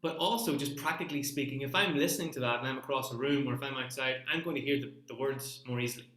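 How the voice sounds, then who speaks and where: A man's voice: mid-range voice, steady tone, quick pace, fairly bright tone, reverberant. A man teaching an online singing lesson, coaching vowels and rhythm with sung examples.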